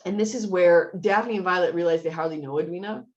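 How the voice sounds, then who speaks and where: A woman co-hosting a casual chat about a TV show, telling the story with lots of laughs and jumping high when she quotes characters. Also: fairly quick, dull audio. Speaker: podcast co-host.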